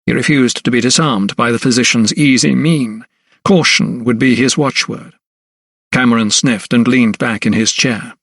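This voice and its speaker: A male audiobook narrator with a mid-range voice reads a historical mystery, his scripted storytelling measured and even. The studio sound is clean, with no room sound.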